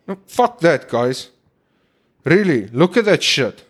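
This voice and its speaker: A man's voice: on the high side, sing-song, slow pace, slightly rough. A man with a slightly raised voice talks straight at his listeners in an impassioned monologue. He is blunt and preachy, and he swears constantly. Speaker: podcast host.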